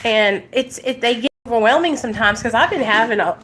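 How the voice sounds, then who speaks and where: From her car, a Southern-accented woman from Arkansas opens up to viewers about addiction recovery in a casual, heartfelt vlog. She talks fairly quickly in an on-the-high-side, fairly bright voice, with slight noise behind her. Her manner is earnest and emotional, occasionally verging on tears.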